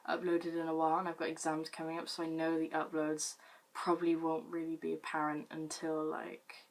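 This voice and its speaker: Chatty teenage girl, self-mocking. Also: low-pitched. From Britain. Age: late teens. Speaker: vlogger. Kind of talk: casual storytelling to camera.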